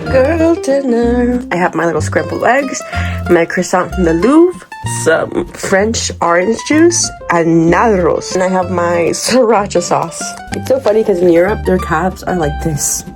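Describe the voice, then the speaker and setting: A woman's voice: lowish voice, animated, unhurried, music in the background. A young woman in her twenties from New York, vlogging in a rambling, candid way with lots of "like.". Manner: rambling, heavy use of "like"; candid and confessional. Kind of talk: casual vlog chat.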